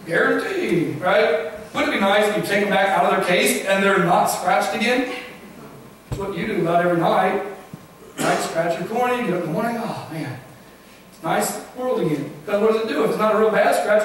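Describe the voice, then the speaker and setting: A middle-aged man, a guest speaker, gives a lively science talk to a congregation and keeps quizzing them with "okay?" and "right?". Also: high voice, a little hiss or hum. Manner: questions the audience often, with frequent "okay?" and "right?". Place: church hall. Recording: very echoey hall, from far off.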